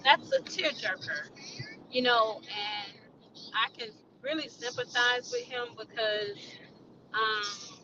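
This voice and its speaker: A middle-aged woman speaking as a panel guest, slow and reflective with many fillers, over a video call. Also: a little high, pushed and bright. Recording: distant lo-fi mic with noise.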